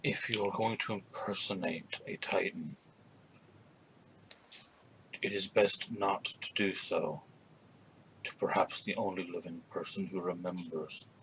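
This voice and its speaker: A man voicing an ancient, weary crowned man who speaks quietly and with resignation. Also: low voice, fairly even intonation, slow pace, gravelly, pauses often, a little hiss or hum, exaggerated voice, poor audio.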